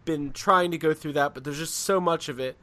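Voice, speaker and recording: A man's voice: a little high, fairly quick, a crowd in the background. A man hosting a pop culture podcast, chatting loosely and joking with frequent filler words. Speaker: podcast host. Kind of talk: casual chat.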